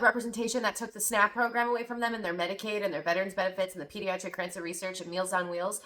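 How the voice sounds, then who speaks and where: A woman's voice: mid-range voice, steady tone, racing, hardly any pauses, a bit bright. A woman hosting a podcast, reacting to a clip with indignant, sarcastic, profane commentary. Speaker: podcast host.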